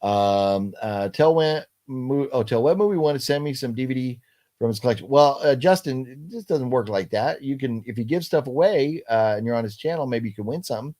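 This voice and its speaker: A middle-aged man hosting a casual livestream chat, talking haltingly with many fillers and restarts while he reads out viewer comments. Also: mid-range voice, animated, warm tone. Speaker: livestream host.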